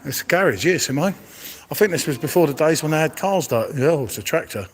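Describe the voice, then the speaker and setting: Fairly high-pitched, expressive and fairly quick, this middle-aged man's live walk-around commentary comes through a handheld phone. He wanders an indoor museum full of old exhibits, marvelling at them and chatting to viewers by name.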